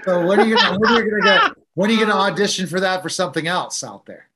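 A man's voice: high-pitched, lively intonation, racing, very noisy. Man hosting an interview, prompting questions. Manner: eager, prompting questions, brief backchannel replies. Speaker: show host, interviewer. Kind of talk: casual interview.

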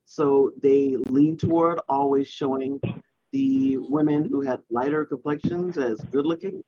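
A man's voice: mid-range voice, fairly even intonation, dry recording. Reflective man on a lo-fi mic. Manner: reflective, halting, many "you know"s. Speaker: podcast co-host. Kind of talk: casual panel chat. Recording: dull lo-fi sound.

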